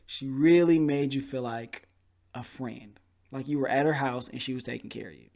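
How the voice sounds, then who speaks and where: A man hosting a podcast, telling a story in a casual, animated way and acting out the people he quotes. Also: medium pitch, normal speed, vocal fry. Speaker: podcast host.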